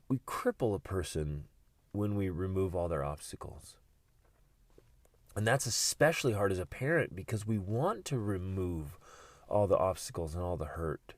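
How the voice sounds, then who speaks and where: A man with a fairly low voice hosts a motivational podcast and talks earnestly about hard times. He often repeats a word or two as he starts a thought. The sound is close and dry, with no room echo. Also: darkish tone. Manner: earnest, repeats words when starting phrases. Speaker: podcast host.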